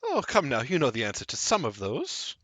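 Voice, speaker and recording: A man's voice: medium pitch, wildly swooping pitch, fairly quick, a bit bright, slight background noise. A man voicing a playful, teasing woman who is a spirit trapped for a thousand years. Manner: giggly, lightly teasing.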